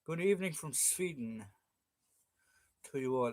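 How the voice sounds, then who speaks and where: A man's voice: medium pitch, lively intonation, moderate pace, pauses often, a little mellow. A man with an Irish accent, hosting a casual live chat, reading viewer comments and joking with frequent fillers. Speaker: livestream host.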